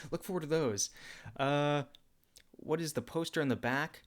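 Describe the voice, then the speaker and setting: A young man in a casual livestream Q&A, chatting at an easy, laid-back pace. His delivery is loose and relaxed, with plenty of "uh"s as he works through questions. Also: on the high side, unhurried. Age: young adult. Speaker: YouTuber and comic dubber.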